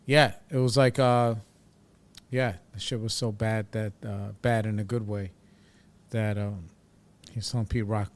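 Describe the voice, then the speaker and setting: A man's voice: medium pitch, steady tone, moderate pace. A man hosting a casual solo podcast, talking in a laid-back, rambling way with lots of fillers and swearing. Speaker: podcast host. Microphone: studio microphone.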